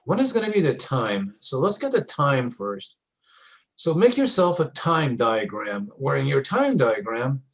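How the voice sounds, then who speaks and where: A man with a slightly higher-than-usual voice walks a class through a lab in a relaxed, conversational way. He checks in with his students often, breaking each step into small pieces. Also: rough recording. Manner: casual, talks students through diagrams with frequent checks. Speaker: teacher.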